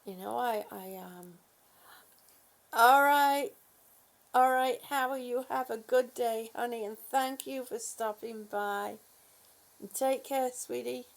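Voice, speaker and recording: A woman's voice: on the high side, slow, vocal fry. A woman vlogger in a casual morning chat, affectionately greeting viewers and fussing over her dog.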